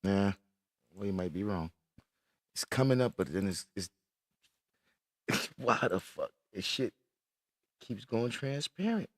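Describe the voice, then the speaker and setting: A man's voice: fairly low pitch, sing-song, slow pace, long pauses, no room sound, studio quality. A man live-streaming casual chat from his computer, swearing in frustration and greeting viewers as he works.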